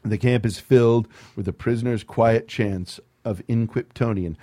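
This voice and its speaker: A man's voice: mid-range voice, fairly even intonation, moderate pace, warm tone, no room sound. A man hosting a comedy show who reads a screenplay aloud, with wry asides and frequent laughter at the material. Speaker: podcast host reading a screenplay aloud. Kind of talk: comedic script read-through.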